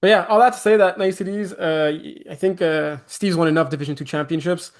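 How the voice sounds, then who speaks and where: Brief: male co-host, gravelly, higher-pitched voice, easygoing and jokey league recap. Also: steady tone, brisk. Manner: laughs often, teasing. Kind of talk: casual sports league chat.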